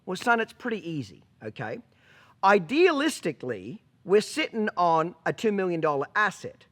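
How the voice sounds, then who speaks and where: Brief: a man playing a dry, no-nonsense dad, a touch high, matter-of-fact. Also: big pitch swings, moderate pace. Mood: deadpan. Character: blunt no-nonsense middle-aged father.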